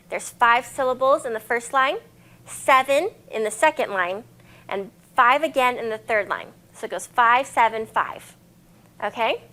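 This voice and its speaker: A woman's voice: on the high side, fairly bright tone. A young woman librarian leading a cheerful, encouraging children's lesson on poetry and syllables.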